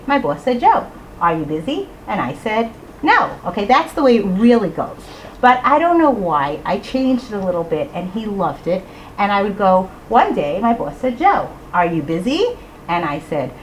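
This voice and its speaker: A middle-aged woman telling a personal story to an audience in an animated way, acting out voices and rhyme lines. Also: medium pitch, a little hiss or hum, poor audio. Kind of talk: storytelling talk.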